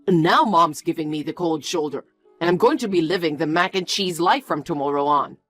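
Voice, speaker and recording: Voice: mid-range voice, normal speed, fairly bright tone, no room sound, soft background music, close to an everyday voice. A voice actor playing a stubborn, defensive young man in scripted story dialogue, blunt and bossy. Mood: angry.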